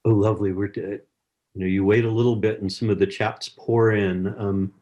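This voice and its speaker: A man's voice: lowish voice, level tone, normal speed, a little mellow, highs cut off. Encouraging male science teacher on a video call. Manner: encouraging, chatty, reads chat messages aloud. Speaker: science educator leading an online workshop.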